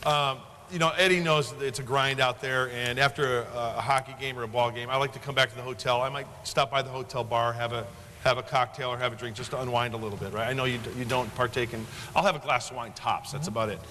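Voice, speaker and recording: A man's voice: mid-range voice, fairly even intonation, fast, sharp tone. A man emceeing a banquet, telling a boisterous, joking story to the crowd. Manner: joking, boisterous anecdote teller. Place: large indoor banquet hall. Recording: echoey banquet hall with background noise.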